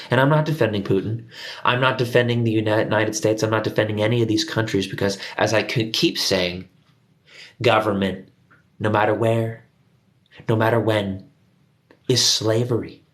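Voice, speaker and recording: A man's voice: fairly low pitch, steady tone, normal speed. Ranting man swearing at the camera. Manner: heated, swearing, repeats himself. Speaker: conspiracy video host. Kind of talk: profane rant to camera.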